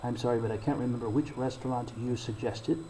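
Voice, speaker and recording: A man giving a recorded English grammar lesson, explaining slowly and deliberately and reading out example sentences. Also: mid-range voice, steady tone, dark tone, a little hiss or hum, poor audio. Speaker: English teacher.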